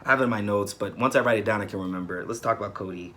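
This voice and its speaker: A man's voice: lowish voice, rapid-fire. Emphatic man reviewing soap operas. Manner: emphatic, repetitive, animated. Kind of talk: casual review commentary.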